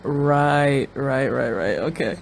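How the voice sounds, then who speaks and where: Give me a speaker doing casual commentary while watching a TV episode, excitable and quick to repeat words like "okay, okay" as the scenes unfold. The voice sits at a middling pitch, and a faint hum runs underneath. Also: creaky. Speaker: TV reaction host.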